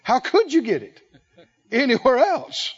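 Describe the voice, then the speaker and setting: Man preaching, high voice, slow deliberate pace, emphatic call-and-response, dull lo-fi recording. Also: sing-song, slightly rough. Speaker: pastor. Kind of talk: sermon.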